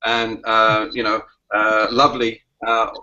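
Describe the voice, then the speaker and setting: An Australian man tells a story over a video call. His voice is bright and forceful, but it breaks into frequent uh and um pauses. The call audio is dull and lo-fi. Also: fairly low pitch, completely flat delivery. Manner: halting, full of "uh" and "um". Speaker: commedia performer.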